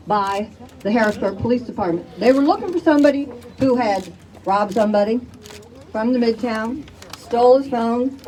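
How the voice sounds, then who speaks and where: A woman's voice: fairly high pitch, warm tone, far from the mic, a little hiss or hum, poor audio. An older woman from Chicago, speaking emphatically to a crowd at an outdoor community rally. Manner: emphatic, rallies the crowd with "all right?". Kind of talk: impassioned public testimony.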